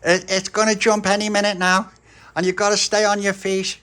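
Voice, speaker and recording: A man's voice: high-pitched, little pitch movement, a little fast, sharp tone, clear, resonant tone, voice pushed up. A man voicing a bossy boy toy who lays down strict rules in a toy story. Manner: bossy, insistent.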